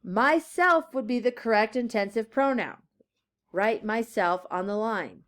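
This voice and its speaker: A woman teacher giving a classroom grammar lesson, slowly stressing key words and reading example sentences aloud. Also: a little high, lively intonation, fairly bright tone.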